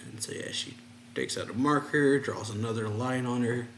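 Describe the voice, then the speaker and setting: Casual male host reading a manga recap aloud, mid pitch, easygoing. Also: moderate pace, fairly bright tone, reverberant, slight background noise. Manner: loose narration, strings lines with "and so, yeah". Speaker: reaction channel host. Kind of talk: casual manga read-along.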